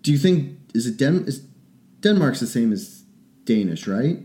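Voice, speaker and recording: A man with a mid-pitched voice in a casual podcast conversation. He rambles through his opinions, restarts his sentences and swears often. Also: sing-song, moderate pace, warm tone. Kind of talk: casual chat.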